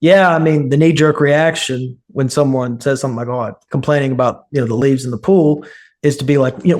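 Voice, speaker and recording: A man's voice: medium pitch, steady tone, fairly quick, darkish tone. A man guest on a podcast, a divinity student, telling stories in an earnest way and acting out what people said. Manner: earnest, acts out quoted speech. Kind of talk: casual storytelling interview.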